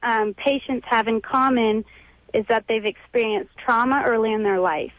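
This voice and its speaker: A woman's voice: on the high side, steady tone, moderate pace, no room sound, muffled recording. A woman in her twenties calling a radio show, polite and hesitant with frequent fillers. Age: 20s. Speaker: caller. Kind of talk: call-in radio question.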